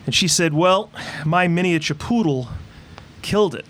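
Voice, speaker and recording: A priest preaches a homily in a voice pitched a bit high, unhurried and halting, full of pauses and restarts. A faint hiss of room noise sits under the church recording. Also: male voice, expressive, a bit bright. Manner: slow and halting, many fillers and restarts; self-mocking after a failed joke. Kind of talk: homily opening with a joke.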